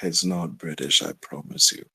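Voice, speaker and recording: A man's voice: low voice, steady tone, normal speed, bright, forceful tone, husky, no echo. A man calling in to a talk show, polite and hesitant, stalling with ums and nervous giggles. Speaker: caller. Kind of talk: call-in radio talk.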